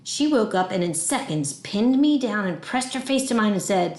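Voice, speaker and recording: A woman reading a children's novel aloud with expressive storytelling. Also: mid-range voice, normal speed, roomy sound. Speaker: audiobook reader.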